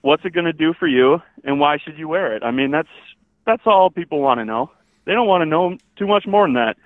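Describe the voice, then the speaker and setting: A man with a Wisconsin accent talks in an easygoing, folksy way, leaning on fillers as he explains things. His voice sits a little high. The sound is dry and thin, squeezed through a phone line. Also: lively intonation, fairly quick, no echo. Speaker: boot company spokesman. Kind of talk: casual interview chat.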